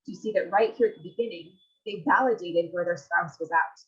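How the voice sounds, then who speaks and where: Woman coach, low voice, live webinar host, talks to the audience with questions, muffled stream sound. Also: fairly quick, hardly any pauses. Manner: reads audience comments, asks rhetorical questions. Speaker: marriage coach.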